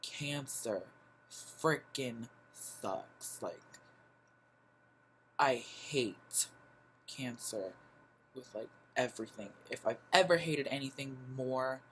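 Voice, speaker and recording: Young adult vlogger, slow and halting, sighs between phrases, faint background hum. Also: mid-range voice, fairly bright tone, poor audio. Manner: halting, sighing, lots of fillers. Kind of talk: personal confessional vlog.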